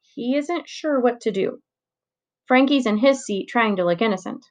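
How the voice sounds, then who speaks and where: A woman reading a children's chapter book aloud in a clear, steady storytelling voice. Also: fairly high pitch, moderate pace. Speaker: reader.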